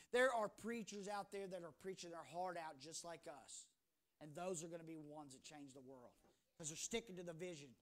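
High-pitched fervent preacher. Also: male voice, normal speed. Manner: fervent, shouting preacher, swinging between loud and hushed. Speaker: pastor. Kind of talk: sermon. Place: church pulpit.

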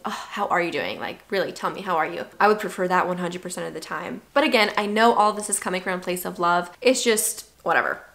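A woman's voice: fairly low pitch, a bit bright. A young woman talks straight to her viewers in a casual vlog. She is chatty and candid and acts out the voices of people she quotes. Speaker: vlogger. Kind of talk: casual talking-head vlog.

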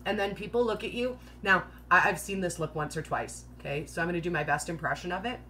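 A woman's voice: on the low side, quick pace, pushed and bright, a little hiss or hum. A woman hosts a casual live-stream chat, rambling through playful jokes and breaking into giggles at her own humor. She peppers her speech with 'like' and keeps a light, teasing tone. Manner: joking, chatty, laughs often at her own jokes; filler-heavy, says 'like' constantly. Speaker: host of a live keto Q&A.

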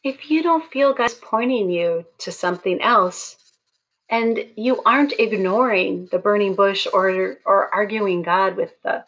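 A woman's voice: medium pitch, measured pace, a bit bright. A woman preaching at a college baccalaureate service, telling a story in a conversational, humorous way. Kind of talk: sermon.

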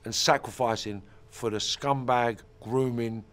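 A man's voice: medium pitch, steady tone, a little slow. A middle-aged man, telling an interviewer about his past in an intense, blunt and profane way with emphatic repeats. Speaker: ex-offender turned mentor and motivational speaker.

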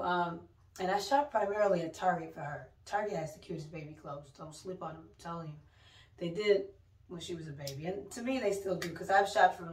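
A middle-aged woman, a mother and vlogger, telling stories in casual, chatty talk with lively exclamations. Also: lowish voice, slight background noise. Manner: chatty storytelling, exclaims "oh my God". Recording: roomy, mic a bit distant.

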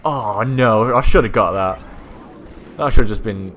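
A young man commentating his own gameplay, swearing freely, yelling at other players and boasting in jest. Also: fairly low pitch, moderate pace. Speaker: gaming channel host.

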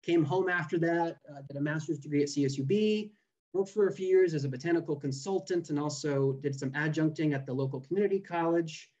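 A man's voice: a little high, brisk, a little mellow, muffled recording. A young man from California giving a casual online seminar as a botanist, with many fillers and restarts, over a video call. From California, USA. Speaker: guest speaker, botanist.

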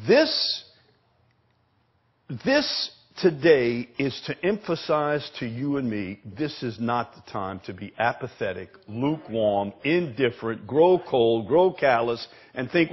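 A man preaching, his husky voice rising and falling with animated emphasis. He repeats words for effect and asks the congregation questions. The sermon is captured on a dull, lo-fi church recording. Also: mid-range voice, takes it slowly. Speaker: pastor. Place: church sanctuary.

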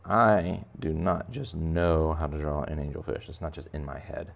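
A man's voice: rumbling low, moderate pace, creaky. A man teaching a drawing lesson for kids in a playful, jokey, conversational way. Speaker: art teacher.

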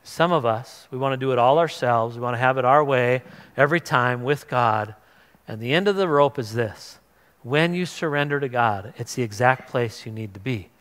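A man pastor giving a conversational sermon, animated and acting out the voices of people in the story. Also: medium pitch, normal speed. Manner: conversational, animated, acts out voices of biblical figures. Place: church sanctuary. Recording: long reverb of a church hall.

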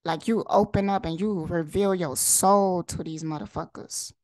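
A woman's voice: on the low side, fairly even intonation, moderate pace, darkish tone, no room sound. A woman vlogger delivering a heated, profane monologue straight to camera, firing rhetorical questions and repeating lines for emphasis. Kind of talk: impassioned direct-to-camera monologue.

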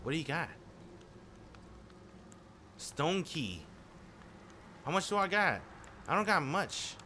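A male gamer talking through his play session, his voice swinging widely in pitch as he cusses and reacts on the fly. He speaks slowly with a slightly raised pitch, and a clear layer of background noise runs under the recording. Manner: profane, excitable running reactions. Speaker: gaming streamer. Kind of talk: live gameplay commentary.

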